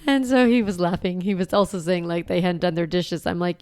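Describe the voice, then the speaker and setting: A woman's voice: on the low side, fairly even intonation, fairly quick, hardly any pauses, darkish tone, clean tone, dry recording, studio quality. A woman in her forties hosting a solo podcast, talking in an earnest, reflective way with light laughs. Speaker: podcast host.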